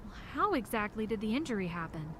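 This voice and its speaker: An actress voicing a young woman amateur detective in a video game, asking polite, measured questions. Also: mid-range voice, very animated, background noise, natural voice. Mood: curious. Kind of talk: game voice acting.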